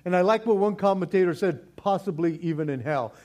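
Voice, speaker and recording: A man preaching a sermon in an animated, casual way, repeating words for stress and dropping in slang. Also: sits high, fairly quick, hardly any pauses. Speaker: pastor.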